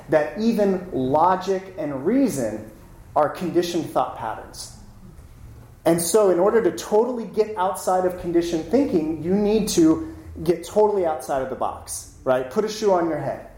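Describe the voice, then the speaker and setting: A lecturer giving a casual talk, telling stories in an animated way and often tossing in "right?" to the listeners. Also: medium pitch. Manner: animated storytelling, frequent "right?" asides. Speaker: lecturer on Buddhism. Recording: roomy room with faint noise.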